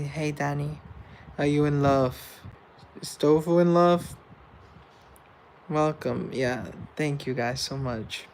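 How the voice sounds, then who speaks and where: A man hosting a live stream, chatting casually with viewers in a rambling, joking, self-deprecating way. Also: fairly high pitch. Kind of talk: casual chat reading viewer comments.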